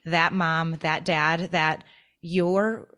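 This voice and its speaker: A woman's voice: low voice, level tone, extremely slow, sharp tone. A young adult woman guest on a podcast interview, speaking earnestly and from the heart, tearing up as she talks. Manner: earnest, heartfelt, emotional storytelling. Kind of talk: conversational interview.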